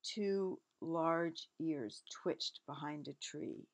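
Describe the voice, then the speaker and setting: Low-voiced woman reading a picture book. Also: extremely slow. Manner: expressive, stops to explain the pictures. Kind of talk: picture-book read-aloud with asides.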